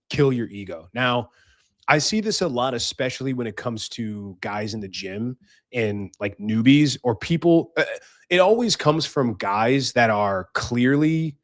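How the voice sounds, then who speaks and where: A man's voice: mid-range voice, dry recording, clean studio sound. A young man hosting a podcast, giving life advice in a blunt casual monologue, swearing freely and acting out voices. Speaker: podcast host.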